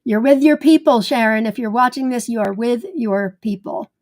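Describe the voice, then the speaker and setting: A middle-aged woman hosting a live gardening stream, greeting viewers one by one in a bubbly, chatty way, excited like a cheerleader. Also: fairly high pitch, normal speed. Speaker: host of a live gardening show.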